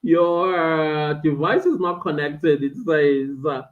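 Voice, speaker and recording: A woman's voice: low voice, slow pace. A woman with a South African accent hosts a casual live stream, talking animatedly to her viewers and reading out chat comments from indoors. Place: friend's indoor den at home. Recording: tinny, phone-like stream audio.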